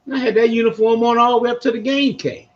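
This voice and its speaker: A man's voice: very high-pitched, steady tone, quick pace. An older man with a Baltimore accent hosting a sports podcast in a rambling, slangy storytelling manner. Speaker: podcast host. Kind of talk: casual sports talk. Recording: dull lo-fi recording.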